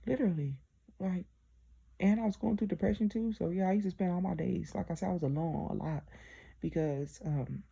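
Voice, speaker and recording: A woman's voice: lowish voice, a little fast, creaky, dark tone, slightly rough. A young woman telling her own story in a chatty way, talking straight to her listeners with lots of fillers. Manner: chatty, addresses listeners directly, many fillers. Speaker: diary vlogger. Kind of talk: casual personal storytelling.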